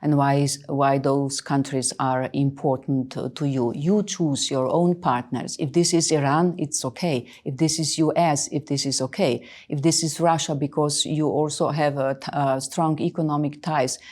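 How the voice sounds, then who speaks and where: Interview guest, woman in her 60s, low mellow voice, emphatic, hesitant delivery. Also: fairly even intonation, normal speed, hardly any pauses. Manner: emphatic, hesitant with many fillers. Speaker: interviewed official. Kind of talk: earnest interview answers.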